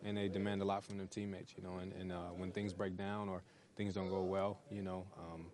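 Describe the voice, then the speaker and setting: A young male pro football player answering press questions in a relaxed way, full of "you know" fillers. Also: deep voice, a little fast. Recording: crowd chatter behind.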